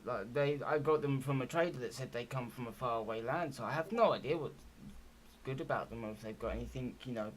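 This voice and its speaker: A man's voice: mid-range voice, a little fast, close to an everyday voice. A shrewd male tavern barkeep from a fantasy game, put on by a man running the table. He talks in a chatty, bargaining way, with a faint hiss under the voice. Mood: friendly.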